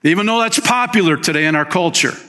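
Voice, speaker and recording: Energetic preaching pastor, man. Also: high-pitched, fast talker. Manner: energetic preaching, rising and dropping for emphasis; direct rhetorical questions to the congregation. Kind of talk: sermon.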